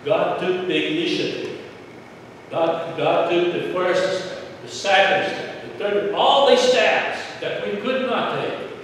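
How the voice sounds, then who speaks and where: A man's voice: high voice, slow pace, a bit bright. A man preaching a sermon as pastor, earnest, often repeating phrases and restarting sentences. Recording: echoey hall, distant mic, faint noise.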